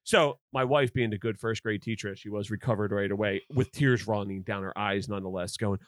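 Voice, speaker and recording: A man's voice: lowish voice, fairly quick, no room sound, studio quality. A middle-aged man telling rambling stories in casual podcast chat, swearing freely. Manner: rambling storyteller, swears often. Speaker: podcast guest.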